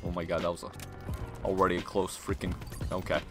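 A young man commentating his own gameplay in a casual, slangy way, muttering to himself and then yelling at the game. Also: sits low, level tone, fairly quick. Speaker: gaming video creator. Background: game music and gunfire.

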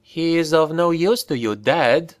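A man voicing a cunning elf enchantress woman in an audiobook, speaking in a soft, measured, melodious way. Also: medium pitch, sing-song. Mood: cautioning.

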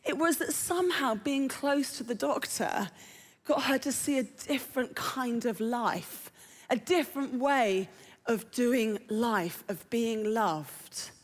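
A woman preaches to a congregation in an easy, conversational way and keeps putting questions to them. Her voice sits fairly high. The sound rings out with a long reverb in a big church hall. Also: slow pace. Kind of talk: sermon. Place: church auditorium.

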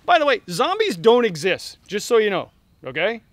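A man's voice: sits high, normal speed, dry recording. Joking Canadian man reviewing camping gear. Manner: jokey, deadpan asides, many fillers. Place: outdoors at a campsite.

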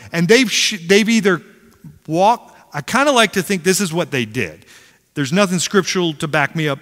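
Man, pastor, middle-aged, sermon, animated storyteller, bright and forceful, long church-hall reverb. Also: sits high. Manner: animated storyteller, acts out quotes, self-deprecating humor. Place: large church sanctuary.

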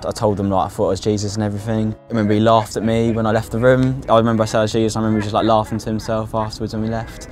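Young man, lowish voice, casual filler-heavy testimony over faint music. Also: level tone, rapid-fire, hardly any pauses, darkish tone. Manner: casual, sweary, lots of likes and fillers. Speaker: interviewee recounting his own psychosis. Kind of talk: candid documentary testimony.

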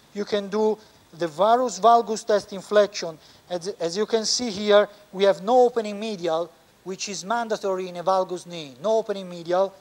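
A man with an Italian accent, a surgeon explaining a knee operation step by step as he works in the operating room, pausing often. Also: high voice, a little mellow. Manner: explains step by step, halting with frequent pauses. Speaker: orthopedic surgeon. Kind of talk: live surgical teaching demonstration.

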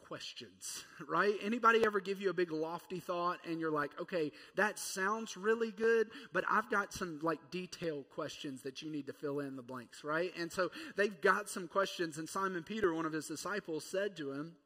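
A man's voice: sits high, normal speed, hardly any pauses, sharp tone. A man in his thirties preaching a sermon in a conversational, playful way. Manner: conversational and playful, acting out quotes. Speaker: pastor. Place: church. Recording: church hall reverb.

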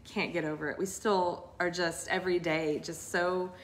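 A woman's voice: fairly low pitch, normal speed. A woman in her thirties telling a personal faith testimony in casual, earnest, emotional storytelling. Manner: emotional, earnest, animated retelling. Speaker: co-host sharing a testimony.

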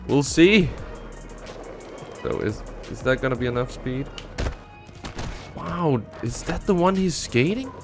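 A man's voice: mid-range voice, slow, long pauses. A man hosting a gaming channel, giving casual commentary and thinking aloud as he plays, with faint background music. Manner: relaxed, thinking aloud while playing.

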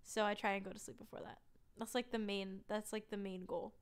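A woman's voice: mid-range voice, steady tone, a little fast, clear, resonant tone. A woman streamer in casual livestream chat, rambling and swearing freely as she talks with her viewers.

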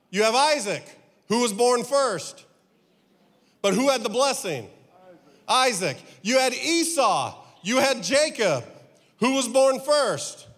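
Fifties male pastor, high lively voice, rhetorical sermon style, long church reverb. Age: 50s. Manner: rhetorical questions, emphatic preaching.

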